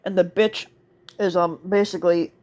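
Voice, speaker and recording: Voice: medium pitch, fairly even intonation, normal speed, darkish tone. A store cart attendant telling a work story in a casual monologue, rambling with lots of fillers, restarts and swearing.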